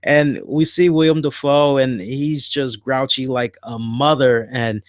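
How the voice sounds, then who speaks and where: A man hosting a show, casually and excitedly reviewing ads in slangy talk. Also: medium pitch, a little slow, dry recording. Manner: enthusiastic, slangy, retells scenes with put-on voices. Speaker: podcast host.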